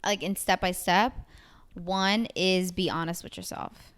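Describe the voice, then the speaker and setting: A woman's voice: lowish voice, steady tone, measured pace, fairly bright tone. A woman in her twenties co-hosting a casual podcast chat, thinking aloud with fillers and frequent laughs. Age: 20s. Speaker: podcast co-host.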